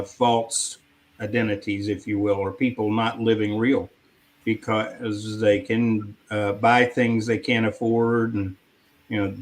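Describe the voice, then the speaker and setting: A man co-hosting a talk show, speaking in a halting way with many fillers in a casual discussion. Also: on the low side, low-quality recording. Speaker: co-host.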